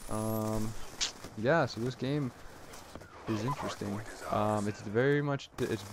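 A man with a slightly low voice talks over his gameplay footage, rambling and excitable as he retells each play. Game sounds run noisily underneath his voice. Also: a little slow. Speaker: gameplay commentator. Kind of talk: casual gameplay commentary. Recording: noisy game audio underneath. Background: game sound effects.

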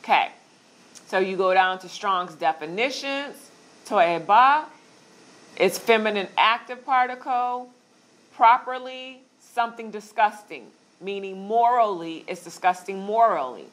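A woman teaches a Bible study class, guiding listeners through on-screen steps in a relaxed, conversational way full of filler words. Her voice is medium-pitched and a little slow.

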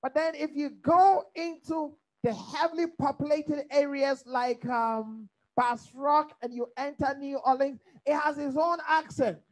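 A woman teaching a Bible study in preaching style, lively and humorous, asking the listeners to fill in her words. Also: high voice, a little slow, hardly any pauses, poor audio. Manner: rhetorical call-and-response questions; lively, humorous, mimics accents.

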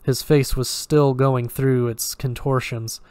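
Guy reading a horror story, flat steady voice, dry close sound, trips on a word now and then. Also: medium pitch, no room sound. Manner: measured and steady, with occasional slips. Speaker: story reader.

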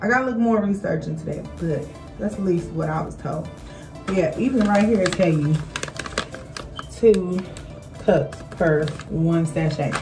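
Chatty vlogging mom, slightly off-mic. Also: female voice, lowish voice, a little slow, pauses often, distant mic, rough recording. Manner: chatty, animated quoted voices, many fillers. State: out of breath. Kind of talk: casual chat to camera. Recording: voice a little off-mic, faint music.

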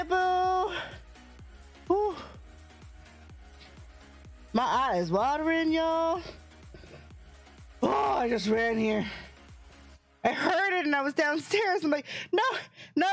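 Breathless, bubbly high-voiced woman streamer. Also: expressive, takes it slowly, long pauses, soft background music. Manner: effusive, bubbly greetings. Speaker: variety streamer. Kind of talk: live stream chat.

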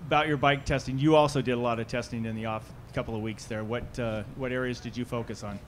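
Male moderator, mid-pitched, casual questions, faint background noise. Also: steady tone, fast talker. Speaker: press conference moderator. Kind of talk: asking questions at a press conference.

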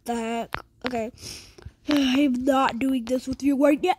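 A woman commentating casually on her own gameplay, excitable, reading game text aloud between squeals and laughs. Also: high-pitched, a little slow, slight background noise. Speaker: gamer commentating her play.

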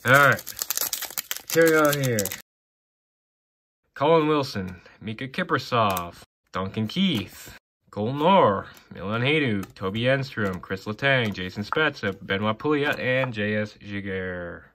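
A man's voice: lowish voice, lively intonation, unhurried, sharp tone, a little hiss or hum. A man casually opening hockey card packs, reading player names off in a running list with offhand asides. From Canada. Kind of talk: casual box-break commentary.

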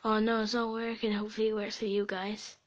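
A woman's voice: medium pitch, little pitch movement, fast, muffled recording. A young woman giving casual, giggly commentary while playing an online game, often dropping into whispered asides. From Sweden and Britain. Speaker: gaming video creator.

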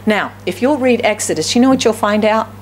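A woman's voice: a little high, lively intonation, fairly quick, slight background noise. A woman pastor giving a conversational sermon, often asking the congregation questions. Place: church service.

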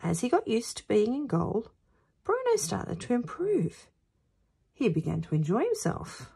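A woman, who teaches at a school, reading a children's picture book aloud in a lively storytelling voice. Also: fairly high pitch, unhurried, vocal fry, husky. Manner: expressive, sing-song storytelling.

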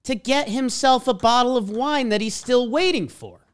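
A man's voice: very high-pitched, normal speed, smooth. A man with a Boston accent co-hosting a casual sports podcast, reading out stat lines with emphatic swings. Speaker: podcast co-host.

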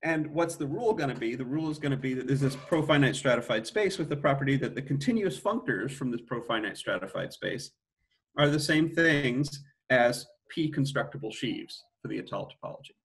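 A man's voice: mid-range voice, lively intonation, brisk. A middle-aged man giving an academic mathematics lecture, thinking aloud with frequent restarts and self-corrections.

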